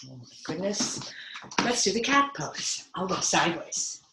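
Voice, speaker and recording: A woman teaching yoga to young children, reading a picture book aloud in a playful, animated way with slow, clear cues. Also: lowish voice, reverberant, noisy background. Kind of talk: interactive storytelling with yoga cues for kids.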